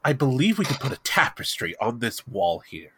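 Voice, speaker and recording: A man's voice: mid-range voice, sing-song, moderate pace, a bit bright, slightly rough, exaggerated voice. A man voicing a fussy, formal young man who stammers and speaks in prim, eager phrases.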